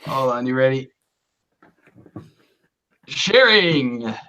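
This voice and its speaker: A man's voice: medium pitch, normal speed, fairly bright tone, low-quality recording. A man chatting casually on a livestream, a little tipsy from beer, ranting in rowdy banter. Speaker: livestream co-host. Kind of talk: casual chat.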